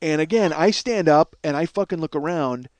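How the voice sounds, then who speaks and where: A middle-aged man spins a long, profane tale on his own podcast and acts out each person's lines. His voice sits a little high. The recording is dry and close, with no room sound. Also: normal speed, dry recording. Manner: animated, profane, acts out quotes. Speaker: podcast host. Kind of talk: storytelling monologue.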